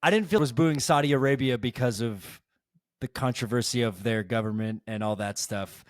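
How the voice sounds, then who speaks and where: A man's voice: mid-range voice, fairly quick, no echo, clean studio sound. A man chatting on a podcast, telling a long story in a rambling way with many restarts and fillers. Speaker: podcast guest. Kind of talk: casual podcast chat.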